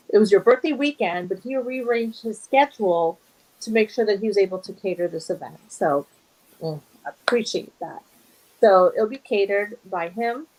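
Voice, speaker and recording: A woman speaks in an earnest, animated way as a guest on an interview show. She sounds heartfelt, and her voice sits in an ordinary middle range for a woman. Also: medium pitch, moderate pace, poor audio. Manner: earnest, animated, emotional at times. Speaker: guest, charity event organizer. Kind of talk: casual interview talk.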